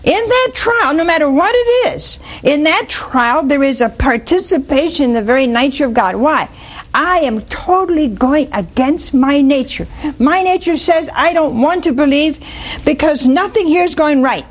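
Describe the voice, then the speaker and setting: A woman preacher with a high-pitched voice and lively intonation speaks at normal speed. Her sermon is folksy storytelling, full of frequent chuckles and asides like "see?".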